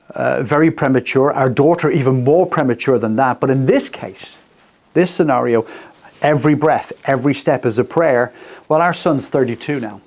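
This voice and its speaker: A man's voice: mid-range voice, a little mellow. A man in his sixties hosting a radio faith talk, earnest and personal, speaking in short repeated phrases. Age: 60s. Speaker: radio host. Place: radio studio.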